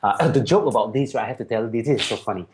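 A man, telling a story in casual chat, animated and laughing, often clearing his throat. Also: fairly low pitch, very fast, a little hiss or hum. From Malaysia.

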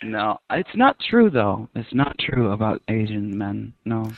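A man talks as a podcast guest in casual chat. He jokes a lot, laughs often, and fills pauses with ums and uhs. His voice sits close to the mic in a dry space with no echo. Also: lowish voice, sing-song, gravelly, phone-quality sound. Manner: joking, laughs often, hesitant fillers.

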